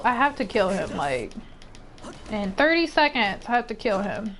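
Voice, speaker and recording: Playing through a game on stream, a young woman keeps up an excitable, casual chatter full of exclamations and rambling. Her voice is medium-pitched and she speaks at a normal speed.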